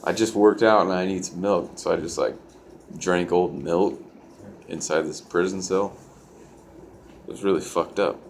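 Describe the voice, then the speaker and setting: A man's voice: low voice, fairly even intonation, normal speed, pauses often, a little hiss or hum. A young man telling a personal story in a loose, profane way, full of "like" fillers. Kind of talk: casual storytelling.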